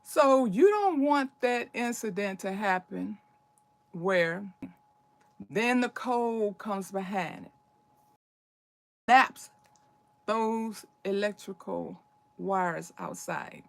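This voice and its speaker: A woman's voice: mid-range voice, animated, very slow, gravelly, pauses often, dry recording. An older woman hosting a casual livestream, talking in an urgent, preachy, emphatic way. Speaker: livestream host.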